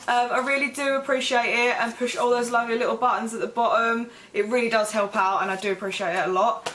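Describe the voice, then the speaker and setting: A woman's voice: on the high side, a little fast, hardly any pauses, fairly bright tone, distant mic. A young woman with an Essex accent, casually chatting on a vlog, rambling and self-deprecating with lots of fillers. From Essex, England. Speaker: vlogger. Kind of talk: casual chat explaining slang. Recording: echoey room with faint music.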